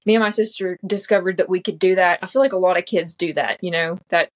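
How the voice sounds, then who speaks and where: Low-voiced woman chatting. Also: fast talker. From Southern United States. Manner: chatty, sprinkles in lots of "like". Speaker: podcast guest, comedy creator. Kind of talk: casual interview chat.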